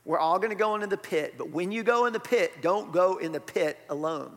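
A man preaching in a church, his voice a touch higher than most men's. He talks to the congregation like a friend, firing off rhetorical questions. His words ring out with a long reverb through the hall. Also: fairly quick, fairly bright tone. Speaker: pastor. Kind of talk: sermon.

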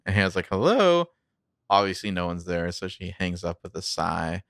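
A man with a very deep voice retelling a TV episode on a recap podcast. He talks in a relaxed, wry way, full of "like" and small laughs. The sound is close and dry. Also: brisk, gravelly, no room sound. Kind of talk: casual chat, narrating scenes.

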